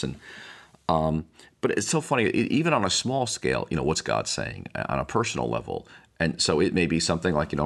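An older man with a gravelly, slightly bright bass voice speaks as a pastor and podcast host. His reflective teaching monologue rambles, full of restarts and asides.

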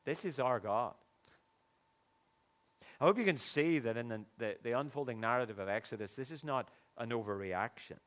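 A man's voice: mid-range voice, expressive, normal speed, fairly bright tone. A middle-aged man preaching a sermon in an earnest, conversational way, with sudden emphatic bursts.

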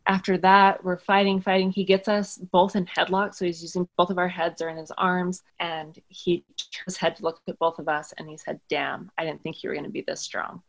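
Young woman guest, lowish fry-tinged voice, tense vivid retelling. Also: level tone, fairly quick, hardly any pauses, poor audio. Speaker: guest recounting an attack. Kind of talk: conversational personal story.

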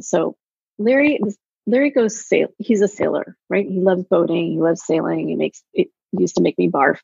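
A woman coaching in casual podcast chat, telling animated stories and acting out quotes. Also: lowish voice, vocal fry, breathy edge, no echo. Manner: animated storyteller, acts out quotes. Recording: dull, dry lo-fi sound.

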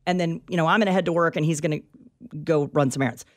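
Radio co-host, woman, middle-aged, animated storyteller with an exasperated edge. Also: low voice, fast. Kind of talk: casual talk radio chat. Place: radio studio.

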